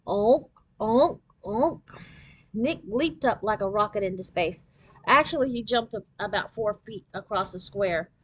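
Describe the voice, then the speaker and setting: A woman's voice: medium pitch, poor audio. Woman reading a children's book aloud. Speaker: storyteller.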